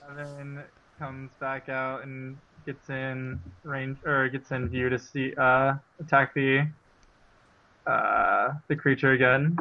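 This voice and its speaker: A man's voice: mid-range voice, level tone, takes it slowly, creaky, muffled recording. A man playing a tabletop game, declaring his character's moves and calling out rolls in an easygoing way. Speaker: player. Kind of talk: casual tabletop game talk.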